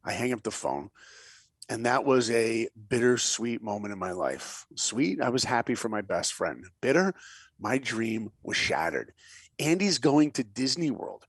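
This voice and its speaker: A man spins animated stories as an interview guest, his voice gravelly and swinging widely in pitch. He acts out the people in his anecdotes and sometimes drops to a whisper to drive a point home. The sound is dry and close. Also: a little slow, dry recording. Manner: lively storyteller, acts out quotes, drops to a whisper for emphasis. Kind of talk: animated storytelling in a podcast interview.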